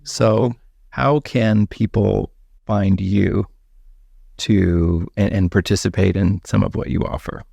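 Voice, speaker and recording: A man hosting a podcast, asking reflective questions in an unhurried, casual way. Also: on the low side, steady tone, gravelly, warm tone, dry recording. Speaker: podcast host. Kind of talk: casual interview chat.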